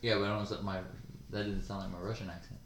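A man's voice: fairly low pitch, level tone, fast, noisy background. A man co-hosting a podcast in loose, rambling casual chat, swearing freely. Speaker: podcast co-host. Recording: echoey room.

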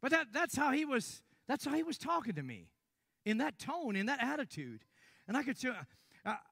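An older man preaching a sermon, telling a story with hushed stretches and sudden loud bursts. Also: very high-pitched, very animated, normal speed, vocal fry, no echo, studio quality.

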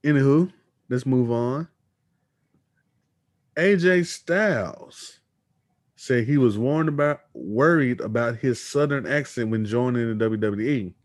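A man's voice: mid-range voice, slow, pauses often, no room sound, studio quality. A man co-hosting a podcast, casually chatting about wrestling news and reading quotes aloud. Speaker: podcast co-host.

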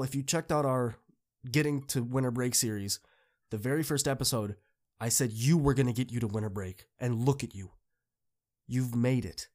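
A man hosting a podcast, giving an earnest, encouraging motivational talk to students that builds to emphatic peaks. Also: medium pitch. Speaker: podcast host.

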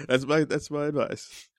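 A man's voice: on the high side, dry recording, clean studio sound. A man co-hosting a podcast in casual banter, joking and laughing often and breaking into silly singing. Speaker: podcast co-host.

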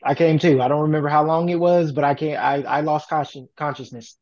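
Animated profane man telling a story. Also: on the high side, brisk, no room sound, dull audio. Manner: animated, profane, acts out quoted voices. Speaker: podcast co-host. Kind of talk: casual storytelling.

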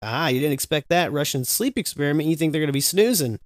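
A man's voice: a little high, animated, quick pace, no room sound, studio quality. A man co-hosting a podcast, chatting loosely with a friend, rambling, joking and swearing freely. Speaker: podcast co-host. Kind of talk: casual podcast chat.

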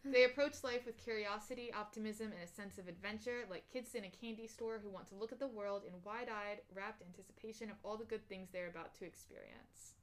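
A woman's voice: medium pitch, fairly quick, hardly any pauses. A young woman co-hosting a podcast, chatting casually and reading personality test results aloud. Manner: reads aloud with fillers and restarts, laughs easily. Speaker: podcast co-host.

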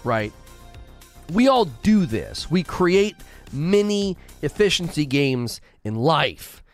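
Male stream host, lively pitch, rambling chat, faint background music. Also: takes it slowly. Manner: animated, rambling, repeats himself. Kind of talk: casual live-stream chat.

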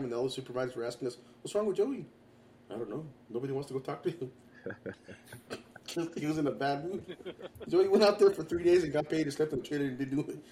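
A man, co-hosting a casual group chat, teasing a friend and acting out what he said. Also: a little high. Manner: animated teasing, laughs while talking, acts out quotes. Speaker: podcast co-host. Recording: faint background noise.

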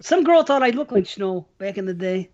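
A man's voice: high-pitched, expressive, normal speed, darkish tone. A man co-hosting a casual podcast chat, rambling, swearing casually and laughing often. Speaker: podcast co-host. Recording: dull lo-fi sound.

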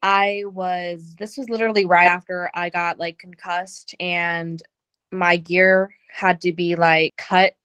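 A woman's voice: fairly low pitch, level tone, takes it slowly, fairly bright tone, clear, resonant tone, no echo. A woman wrestler, a guest on a podcast, answering questions hesitantly with many "um" and "like". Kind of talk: interview answers.

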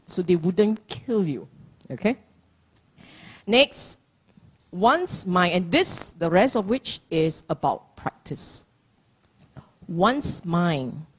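A woman's voice: fairly low pitch, darkish tone, husky. A middle-aged woman giving a dharma talk, playful and teasing, laughing often. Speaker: dharma teacher.

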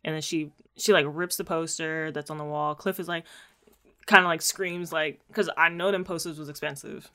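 A woman's voice: low-pitched, steady tone, moderate pace, pushed and bright. A woman co-hosting a casual podcast, playfully recapping a TV episode in slang and laughing easily. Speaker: podcast co-host.

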